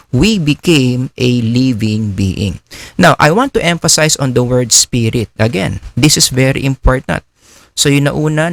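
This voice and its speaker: A man's voice: a little high, fairly bright tone, no room sound. A man with a Filipino accent giving a psychology lecture, explaining step by step and asking his class rhetorical questions. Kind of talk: recorded lecture.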